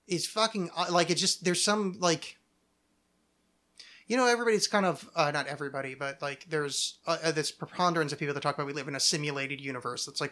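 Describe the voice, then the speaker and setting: A man's voice: a little high, pushed and bright. A man hosting a podcast in casual chat, rambling and full of fillers and self-corrections. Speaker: podcast host.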